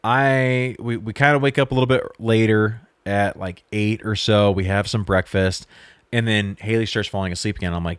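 A young man with a fairly low voice tells a rambling story on a podcast. He acts out what people said and swears casually as he goes. The recording is dry and close, with no room sound. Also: fairly even intonation, moderate pace, clear, resonant tone, no room sound. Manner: storytelling with swearing and quoted dialogue. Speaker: podcast co-host. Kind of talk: casual chat.

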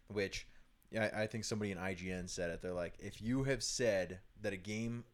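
A man's voice: on the low side, a little fast. A man in his thirties co-hosting a casual chat about video games, laughing often and talking loosely with many ums and restarts. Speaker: co-host of a gaming video series.

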